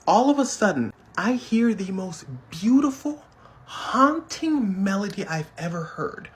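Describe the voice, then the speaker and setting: Male storyteller, behavioral psychologist type, highly animated, wide pitch swings. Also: measured pace. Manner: dramatic, lively retelling with acted quotes.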